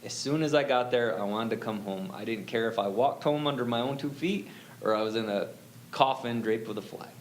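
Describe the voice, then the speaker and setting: Male guest, mid pitch, rambling personal story, slight background hiss. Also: fairly quick, low-quality recording. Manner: rambling, many fillers and self-quotes. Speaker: guest telling his faith story. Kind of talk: casual storytelling.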